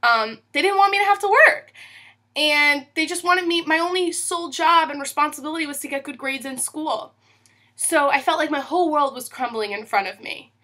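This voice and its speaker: Bright-voiced young woman telling a story. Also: high-pitched, normal speed. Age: 20s. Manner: rambling and animated, with many fillers and acted-out quotes. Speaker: vlogger. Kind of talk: casual storytelling vlog.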